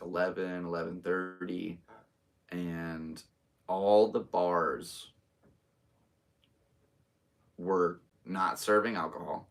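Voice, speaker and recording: A man's voice: low voice, gravelly, far from the mic. A man in his thirties with an American accent, hosting a solo live podcast and chatting casually and rambling to his viewers. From United States. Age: 30s. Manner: rambling, easygoing, talks to viewers. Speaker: podcast host and stand-up comedian. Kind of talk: casual solo livestream chat.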